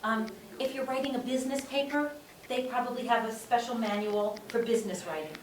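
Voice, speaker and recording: A woman's voice: fairly high pitch, a little fast. Woman teacher lecturing in an echoey classroom. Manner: repeats points for emphasis, checks in with "okay?". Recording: echoey room, distant mic, faint room noise.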